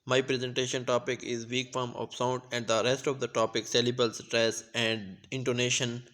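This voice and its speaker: A young man from Pakistan giving a class presentation on pronunciation, speaking slowly and carefully, with occasional restarts. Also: medium pitch, level tone, a bit bright. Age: young adult. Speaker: student presenter.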